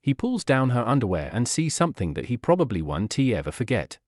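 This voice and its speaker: A man reading fan fiction aloud as animated storytelling. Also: mid-range voice, fairly quick, no echo, studio quality.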